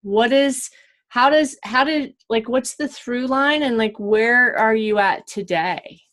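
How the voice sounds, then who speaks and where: A woman coach hosts a casual interview. She mostly listens with short, supportive murmurs, then asks open questions. Her voice sits a little high. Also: slow pace, a bit bright. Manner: brief, supportive backchannels.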